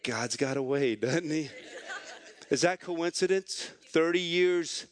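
A man's voice: a little high, slow pace, a faint crowd. A middle-aged man, a pastor, preaching a sermon through a personal story, speaking earnestly and with emotion.

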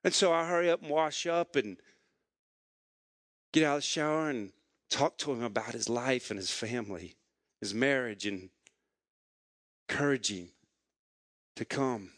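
A man's voice: medium pitch, a little slow, long pauses, fairly bright tone, no echo, studio quality. A man preaching a sermon as a pastor, telling stories in a conversational way and repeating phrases for emphasis.

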